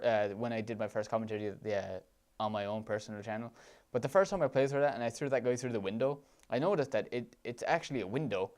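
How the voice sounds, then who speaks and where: An Irish man commenting on a video game as it plays, full of eager praise. His voice is smooth and resonant, pitched right in the middle for a man. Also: darkish tone. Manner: enthusiastic, gushing with praise. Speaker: let's play commentator. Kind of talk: gameplay commentary over footage.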